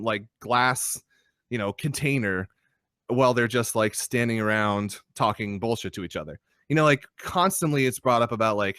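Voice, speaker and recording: A young adult man co-hosting a podcast, talking in casual chat with animated, profane ranting. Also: medium pitch, no room sound, studio quality. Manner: animated, swearing, ranting critique. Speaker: podcast co-host. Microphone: podcast microphone.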